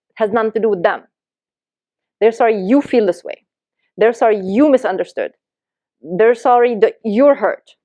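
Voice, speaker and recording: A woman's voice: on the high side, darkish tone, no echo. A woman life coach giving earnest, emphatic advice to camera, acting out the lines people say.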